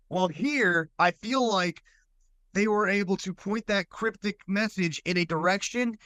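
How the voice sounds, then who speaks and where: High-voiced man, rambling and hesitant. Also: moderate pace, bright, forceful tone, dry recording. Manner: rambling, hesitant, restarts often. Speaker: podcast co-host. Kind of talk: casual discussion.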